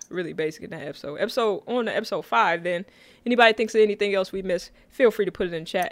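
A woman's voice: mid-range voice, no echo. A woman co-hosting a casual chat, talking easily, laughing often and reading out comments from the chat. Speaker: co-host of a sitcom recap stream. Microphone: own mic.

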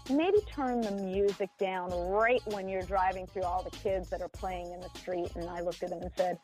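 A woman guest in a casual interview, speaking in measured, formal phrases with frequent ums. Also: fairly low pitch, fairly even intonation, darkish tone, soft background music, rough recording. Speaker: interview guest, former football executive.

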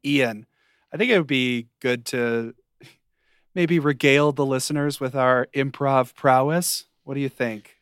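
A man's voice: medium pitch, fairly even intonation, clear, resonant tone, no room sound. A man co-hosting a comedy podcast, chatting eagerly and playfully. His voice sits in an ordinary middle range. The recording is close and dry. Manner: enthusiastic, quick asides, playful. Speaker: podcast co-host. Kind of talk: casual chat.

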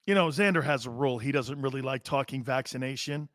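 A man hosting a live sports talk show, loud and brash, joking and hollering. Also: medium pitch, fast talker, no echo, studio quality.

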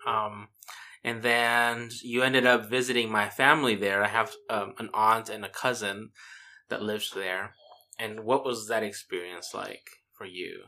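A man's voice: lowish voice, fairly even intonation, unhurried, sharp tone. A man in casual conversation who asks questions, laughs often and talks in a reflective, chatty way. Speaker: conversation partner asking questions. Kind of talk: casual chat.

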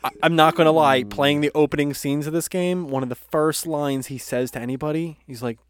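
A man's voice: on the high side, steady tone, a little fast. A man co-hosting a casual podcast, easygoing as he reads listener reviews aloud. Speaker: podcast co-host. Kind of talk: casual chat.

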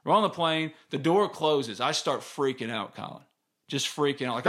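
A man's voice: medium pitch, moderate pace, fairly bright tone. A man, hosting a casual sports podcast and telling stories in a candid, rambling way. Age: 30s. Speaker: podcast host.

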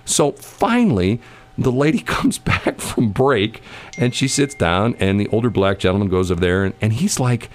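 A man's voice: fairly low pitch, big pitch swings, normal speed. A man casually telling a long anecdote in conversation, rambling with many restarts and bursts of laughter. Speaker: storyteller in a conversation.

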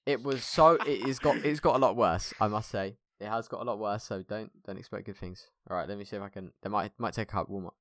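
A man's voice: lowish voice, a little fast, hardly any pauses, fairly bright tone, no echo. A young English man co-hosting a podcast, rambling and hesitant in casual banter. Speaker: podcast co-host.

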